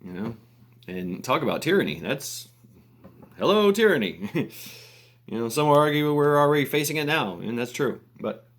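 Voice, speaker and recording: A man's voice: medium pitch, big pitch swings, moderate pace, long pauses. A man ranting casually on camera, rambling with fillers, restarts and laughter. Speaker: vlogger. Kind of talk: casual rant.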